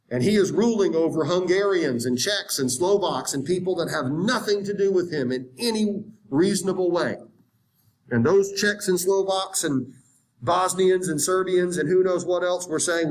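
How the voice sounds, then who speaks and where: A man giving a history lecture in an animated, conversational way, acting out historical viewpoints. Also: on the high side. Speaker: history teacher. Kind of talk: classroom lecture.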